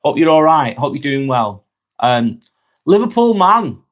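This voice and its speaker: A man with a Northern English accent from Lancashire, hosting a relaxed live stream where he reads viewers' comments aloud and chats back, often stumbling over his words and letting his phrases fade out quietly. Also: fairly high pitch, a little slow. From Northwest England.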